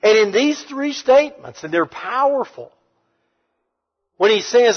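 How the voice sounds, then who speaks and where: A man preaching a sermon to a congregation, emphatic, swinging between hushed and loud passages. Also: sits high, expressive, measured pace. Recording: reverberant hall, dull sound.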